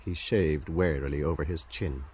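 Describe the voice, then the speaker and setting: A man narrating a novel as an audiobook in a measured, stately way. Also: a bass voice, steady tone, darkish tone, husky.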